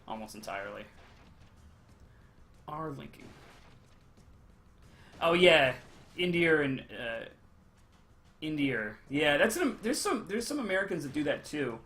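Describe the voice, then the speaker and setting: A man's voice: mid-range voice, sharp tone, slight background noise. A young man chatting casually on a game stream, rambling with many ums and uhs. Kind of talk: casual chat while gaming, reading chat.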